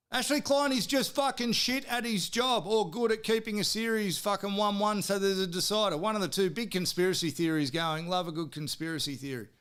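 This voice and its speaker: Australian male podcast host, high smooth voice, heated sweary rant with bursts of shouting. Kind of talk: profane sports rant.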